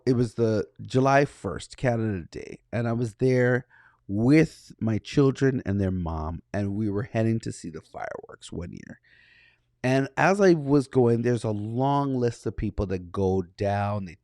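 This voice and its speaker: A man co-hosting a podcast, telling a personal story in a casual way and acting out the dialogue with animated energy. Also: fairly low pitch, unhurried, no room sound, studio quality. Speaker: podcast co-host.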